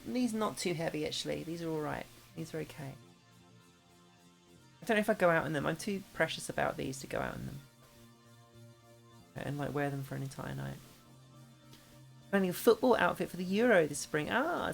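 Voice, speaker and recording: A woman's voice: sits low, very animated, moderate pace, gravelly, long pauses, faint music behind. A woman streaming and chatting casually with viewers, rambling with lots of fillers and restarts. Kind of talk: casual chat with chat readers. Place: home streaming setup.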